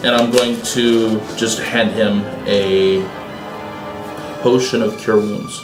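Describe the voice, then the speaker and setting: A man's voice: fairly low pitch, steady tone, reverberant, over music, rough recording. A man playing a tabletop game who talks hesitantly and fills his turns with ums and uhs. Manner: slow, hesitant, lots of fillers. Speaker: player.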